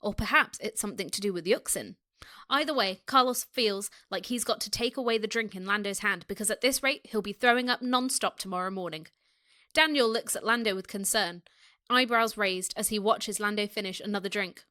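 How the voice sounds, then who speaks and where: A woman's voice: medium pitch, fairly quick, sharp tone. A British woman co-hosting a podcast, casually reading fan fiction aloud and laughing often. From Britain. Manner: giggly, reads aloud with frequent laughter. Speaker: podcast co-host.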